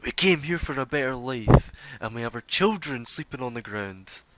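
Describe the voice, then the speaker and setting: A man voicing a desperate deep gnome who shouts complaints from an angry crowd. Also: lively intonation, moderate pace, very noisy, lightly acted. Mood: indignant. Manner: shouting, indignant.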